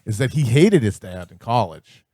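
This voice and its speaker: A man's voice: fairly low pitch, very animated, moderate pace, darkish tone, no room sound. Sardonic man riffing, dry sound. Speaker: podcast co-host. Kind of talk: casual comedic chat.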